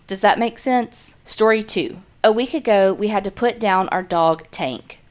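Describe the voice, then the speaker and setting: A woman's voice: medium pitch, measured pace. A woman co-hosting a podcast, reading listener emails aloud in an earnest way and adding wry asides in casual chat.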